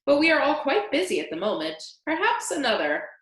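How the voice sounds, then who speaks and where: A menacing male teacher sneers and forces out polite words, as a woman reading aloud puts him on. His pitch rises and falls widely. The room is echoey. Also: huge pitch swings, fairly quick. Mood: falsely polite.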